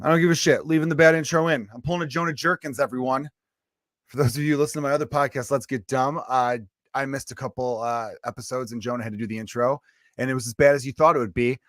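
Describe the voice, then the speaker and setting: A man's voice: a little high, a bit bright, no echo, studio quality. A man hosting his own podcast, a stand-up comedian ranting casually and bluntly, swearing freely, with a lingering cough. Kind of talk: casual profane rant.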